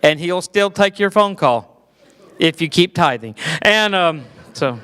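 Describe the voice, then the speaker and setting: Man, Southern accent, middle-aged, folksy clean stand-up, high voice, smooth, echoey church hall. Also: expressive, sharp tone. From Georgia, US. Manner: folksy, self-deprecating, halting with fillers. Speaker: comedian.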